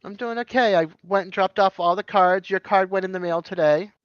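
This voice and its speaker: A man with a Boston accent and a high, smooth voice hosts a relaxed livestream, laughing easily and reading out names from chat. The sound is dry and close, yet dull and lo-fi like stream audio. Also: fairly quick, no echo. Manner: chatty, laughs often, reads viewer chat aloud. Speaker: livestream host. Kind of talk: casual chat.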